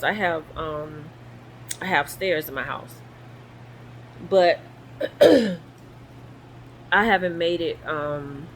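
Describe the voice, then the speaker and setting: Woman, lively storyteller who acts out everyone she quotes, recorded in a guest room at home with a faint hiss. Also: on the low side, poor audio. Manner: animated, acts out quoted voices. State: in recovery, sore. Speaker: vlogger. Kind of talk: casual storytelling.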